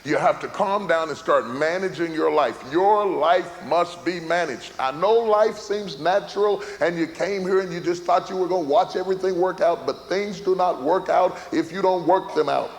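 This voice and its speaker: A middle-aged man preaching a sermon as a pastor, repeating phrases for emphasis and building to shouts. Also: high-pitched, moderate pace, few pauses. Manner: emphatic repetition, rising to shouts. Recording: large hall with live audience.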